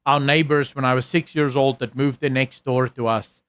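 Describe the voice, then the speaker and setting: Reading chat on a casual live stream, this South African man has a medium-pitched, steady voice that's a bit bright, clear and resonant, with an American-leaning accent. He speaks at normal speed with no echo, rambling and poking fun at himself amid many fillers and restarts.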